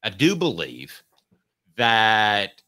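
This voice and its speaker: A middle-aged man hosting a sports talk show, talking in an animated, joking way. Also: on the low side, extremely slow. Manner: animated, does mock impressions.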